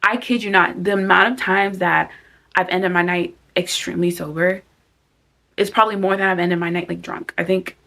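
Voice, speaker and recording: A woman in her twenties gives casual, emphatic life advice to camera as a vlogger, repeating phrases for stress and acting out her own thoughts. Her lowish voice is steady, gravelly, and sharp-toned, at a normal speed.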